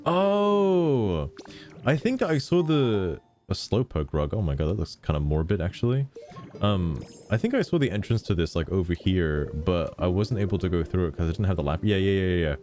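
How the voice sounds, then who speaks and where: A young man giving casual gameplay commentary as a streamer, chatty and swearing freely with quick exclamations. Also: deep voice, big pitch swings, a little mellow, faint music behind. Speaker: vtuber streamer.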